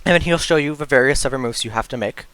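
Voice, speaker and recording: Bright, crisp-voiced man running the game. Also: medium pitch, quick pace, dry recording. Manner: explaining patiently, with fillers. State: sore throat. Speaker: dungeon master. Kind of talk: narrating a tabletop game over voice chat.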